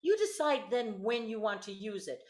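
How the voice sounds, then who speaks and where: A woman voice teacher coaching a student over a video call, giving quick praise and clear instructions. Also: a little high, animated, roomy sound. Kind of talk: virtual one-on-one singing lesson.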